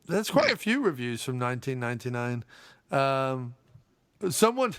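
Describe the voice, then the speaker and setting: A man's voice: mid-range voice, very animated, moderate pace, fairly bright tone, smooth, no echo. A man hosting a podcast, chatting casually and sarcastically, often breaking into laughter. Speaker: podcast host. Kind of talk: casual chat.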